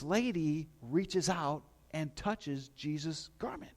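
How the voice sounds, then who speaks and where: A man's voice: medium pitch, normal speed. A middle-aged male pastor preaching a sermon in a conversational storytelling way, with asides to his listeners.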